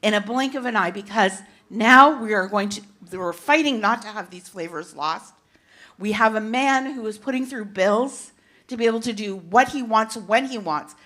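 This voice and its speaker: A woman's voice: on the high side, normal speed, fairly bright tone. Impassioned woman advocate speaking. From Canada. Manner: impassioned, emphatic, with frequent restarts. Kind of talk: passionate panel talk. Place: conference event hall.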